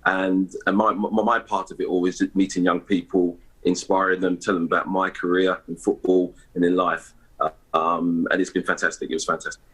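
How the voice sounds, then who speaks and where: A man's voice: low voice, flat delivery, brisk, a bit bright, slightly rough, low-quality recording. A middle-aged man, a guest in a live broadcast interview, talking hesitantly with many fillers and restarts. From East London, England. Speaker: interview guest, award ambassador.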